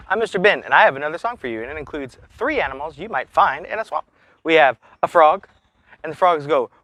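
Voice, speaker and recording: A man's voice: on the high side, bright, forceful tone. A man presenting a silly animal song for children, singing and explaining cheerfully. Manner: cheerful, silly, sings along. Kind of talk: children's song and sing-along.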